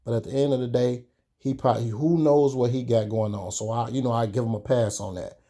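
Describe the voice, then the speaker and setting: Young man, candid chatty storyteller, mellow warm tone, casual vlog. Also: medium pitch, fairly even intonation. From Chicago. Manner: candid, chatty, drawn-out pauses. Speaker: sneaker vlogger.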